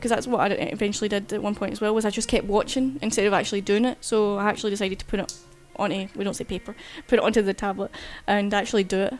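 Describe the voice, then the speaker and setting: A woman artist streams from a desk mic, chatting loosely and rambling, with frequent fillers and casual swearing. Her voice is medium-pitched with a darkish tone.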